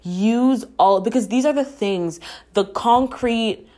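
A woman's voice: fairly high pitch, slow pace, mellow. A young woman hosting a podcast, talking earnestly and reflectively, swearing casually, and at times emotional. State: emotional, near tears at times. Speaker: podcast host. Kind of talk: reflective personal talk.

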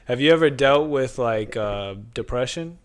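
A man co-hosting a podcast, asking calm, probing questions in a casual conversation. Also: mid-range voice, normal speed, clean tone.

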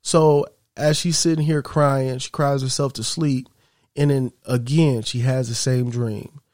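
A man's voice: medium pitch, fairly even intonation, measured pace, a little mellow, dry recording, clean studio sound. A man telling a story in a casual, conversational way, slipping in quoted lines and asides to the listener.

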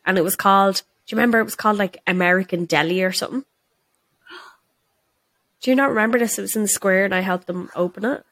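A young woman with a Dublin accent, a podcast co-host telling a workplace story in casual chat, sweary and quick to laugh. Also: mid-range voice, fairly bright tone, no echo.

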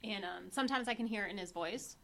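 Bright chatty woman, a firefighter's wife, talking it out easy, a bit of faint hiss behind. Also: medium pitch, fast talker, creaky. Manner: candid, chatty, acts out little exchanges. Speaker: firefighter's spouse, podcast guest. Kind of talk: casual chat.

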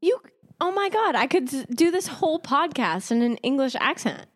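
A woman's voice: sits high, big pitch swings, moderate pace, dry recording. A young woman co-hosting a casual podcast chat, giggling and laughing often as she talks. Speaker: podcast co-host.

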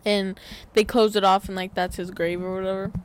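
A woman's voice: medium pitch, flat delivery, fairly quick, a little hiss or hum, rough recording. A woman co-hosting a casual podcast, talking animatedly and repeating phrases for emphasis. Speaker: podcast co-host. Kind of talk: casual chat.

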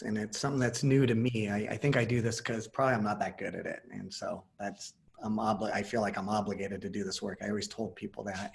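Gravelly man telling a reflective story. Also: mid-range voice. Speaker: host. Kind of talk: casual chat.

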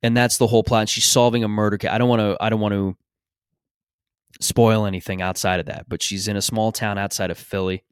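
A man's voice: fairly low pitch, little pitch movement, brisk, clear, resonant tone, no room sound, clean studio sound. A man hosting a podcast in a casual, rambling, opinionated monologue, swearing freely. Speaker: podcast host.

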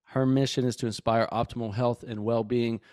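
A man's voice: medium pitch, little pitch movement, normal speed, a little mellow, no echo, clean studio sound. A man hosting a podcast, introducing his guest and asking questions in an easygoing way with fillers. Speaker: podcast host.

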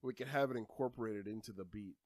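A man's voice: on the low side, fast talker, a little mellow, dry recording, clean studio sound. A young man co-hosting a podcast, laid-back and teasing, often hesitant with fillers. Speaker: podcast co-host. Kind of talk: casual chat.

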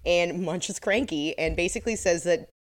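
A woman's voice: on the low side, normal speed. A woman with a slight lisp, co-hosting a casual podcast and wryly reading out quotes from her notes. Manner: wry, reads quotes from episode notes. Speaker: podcast co-host. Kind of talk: casual recap chat.

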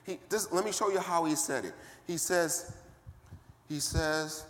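A man preaching a sermon, calling out to the congregation and building up to shouting. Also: on the high side, measured pace, in a large hall.

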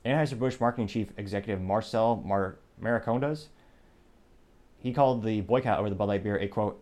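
Male podcast host, young adult, slightly low pitch; sarcastic, rambling commentary. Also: a little mellow. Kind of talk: opinionated news commentary.

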